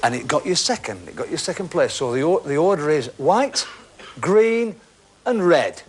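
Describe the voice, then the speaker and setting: A man's voice: on the high side, big pitch swings, moderate pace, slight background noise. A man hosting a television game show, chatting and teasing the contestants in a jokey way. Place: television studio.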